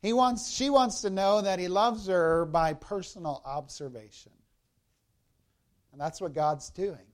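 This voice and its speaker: A man's voice: sits high, measured pace. A man preaching a sermon as a pastor, explaining a Bible passage verse by verse and speaking directly to the congregation.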